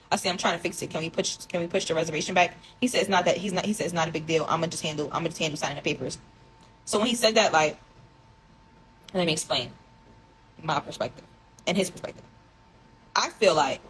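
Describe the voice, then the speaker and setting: Fast-talking low-voiced young woman. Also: low-quality recording. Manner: emotional, confessional, rambling, reads texts aloud. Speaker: vlogger telling her story. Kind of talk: casual storytime monologue.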